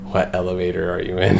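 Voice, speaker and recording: A man hosting a casual trading livestream, going through charts in a loose, filler-heavy way and answering his chat. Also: lowish voice. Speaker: stock trading streamer.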